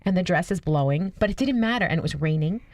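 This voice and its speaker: A woman co-hosts a casual radio show and talks about style in a chatty, enthusiastic way. Her voice sits fairly low for a woman. The sound is close and dry. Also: animated, fast talker, darkish tone, dry recording. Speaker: radio show co-host, image consultant.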